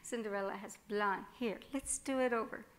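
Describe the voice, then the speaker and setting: A woman's voice: medium pitch, fairly even intonation, moderate pace, close to an everyday voice. Woman putting on a curt stern schoolteacher. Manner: curt, correcting.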